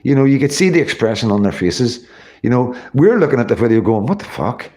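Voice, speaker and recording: A man's voice: medium pitch, lively intonation, fast, a little mellow. Man, Northern Irish accent, middle-aged, casual livestream talk, rambling, frequent swearing. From Northern Ireland. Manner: rambling, swears often, many fillers.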